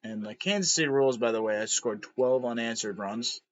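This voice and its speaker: A tired man giving live game reaction commentary, frustrated and swearing, now and then breaking into shouts. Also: mid-range voice, normal speed, dull audio. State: exhausted.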